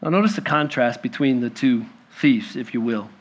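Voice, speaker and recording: A male pastor preaching a sermon to a congregation, rising to emphatic peaks and dropping to hushed pleading. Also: mid-range voice, normal speed.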